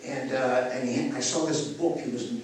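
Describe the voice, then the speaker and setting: An older man teaching breathing to a live audience, animated as he guides them through each breath. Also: mid-range voice, moderate pace, slight background noise. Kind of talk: live workshop talk to an audience. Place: live event venue. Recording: echoey event space, mic from far off.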